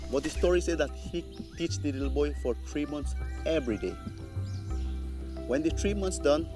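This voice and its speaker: A man, telling a traditional folk tale in an unhurried way, repeating words for emphasis. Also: mid-range voice. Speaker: storyteller.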